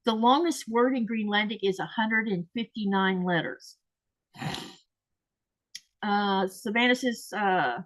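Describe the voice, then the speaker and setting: A woman's voice: mid-range voice, slow, pauses often, low-quality recording. A woman from the States, hosting a casual livestream and chatting as she reads viewer comments aloud. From Southern United States. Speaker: host.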